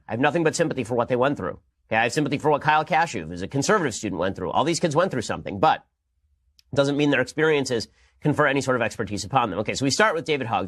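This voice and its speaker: A man in his thirties hosting a political podcast, delivering a fast, sarcastic, argumentative monologue. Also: mid-range voice, a bit bright. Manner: rapid-fire, sarcastic, argumentative. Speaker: political commentator and podcast host.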